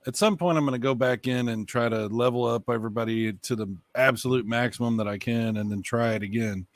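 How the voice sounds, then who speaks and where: A man co-hosting a retro gaming podcast in casual chat, animated and swearing freely. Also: mid-range voice, brisk, no echo. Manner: animated, swears freely, talks over others. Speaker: podcast co-host.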